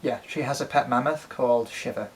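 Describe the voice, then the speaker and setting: A man with a mid-range voice talks a little fast while casually showing his collection at home. As a doll collector and co-host, he rambles with plenty of ums and swears frequently, all on a low-quality recording.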